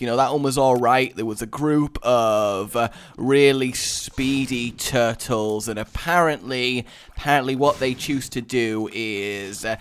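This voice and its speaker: A man's voice: medium pitch, a bit bright. A young man hosting a let's play, rambling and joking his way through casual gameplay commentary. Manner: rambling, jokey, easily sidetracked.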